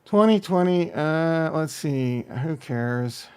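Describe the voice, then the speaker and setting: A man's voice: fairly high pitch, lively intonation, slow pace, a little mellow, smooth. A man reacting to online videos, talking bluntly and joking crudely over the clips.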